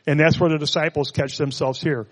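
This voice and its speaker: A man's voice: fairly high pitch, fairly even intonation, fairly quick, a bit bright, in a large hall. A man preaching a sermon, reading scripture and adding conversational, joking asides. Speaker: pastor.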